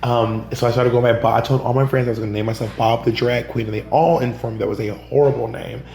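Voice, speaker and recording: Medium-pitched, gravelly and a little mellow, this Georgia man talks at a quick pace in a steady tone. A drag performer and comedian guesting on a podcast, he tells stories animatedly in a casual interview, acting out other people's lines, while roomy echo and a faint hum color the recording.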